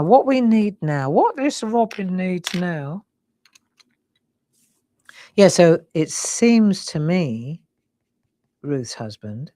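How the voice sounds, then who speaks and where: Her voice is deep and the recording dry. She's a sixty-something woman from England with a slightly Cockney accent, demonstrating drawing live as a craft demonstrator, chatting warmly and often saying "look" and "lovely."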